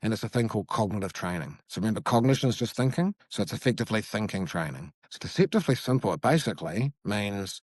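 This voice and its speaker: A middle-aged man explaining child brain development in a lively, conversational way, acting out what parents say. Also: on the low side, fast talker, hardly any pauses, no room sound. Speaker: neuroscience educator, guest.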